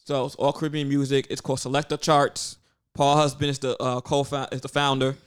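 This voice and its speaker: A man co-hosting a casual podcast chat, laid-back, giving shout-outs with plenty of fillers. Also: mid-range voice, little pitch movement, fairly quick, clean tone. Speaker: podcast co-host.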